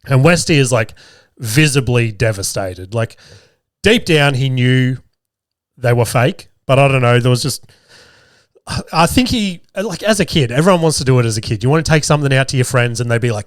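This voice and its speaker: An Australian man in his thirties tells a story on his podcast in a loose, animated way and swears freely. His voice sits at an ordinary middle pitch. The sound is dry and close, with no room echo. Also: brisk. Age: 30s. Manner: swears constantly, animated and laughing while telling stories. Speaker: podcast host. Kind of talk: casual storytelling. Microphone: camera with podcast mic.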